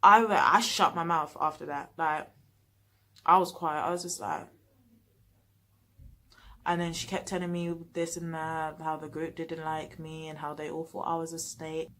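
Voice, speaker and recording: Low-voiced young woman vlogging. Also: a little slow, long pauses, a little hiss or hum. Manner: animated, emphatic storytelling with quoted dialogue. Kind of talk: casual storytime vlog.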